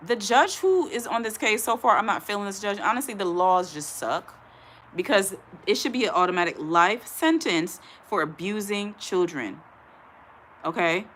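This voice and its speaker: A woman's voice: mid-range voice, lively intonation, moderate pace, fairly bright tone, slight background noise. A young woman from Ohio giving blunt, emphatic commentary while reading a news article aloud to her viewers, stumbling over the text now and then. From Ohio, USA. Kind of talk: casual commentary.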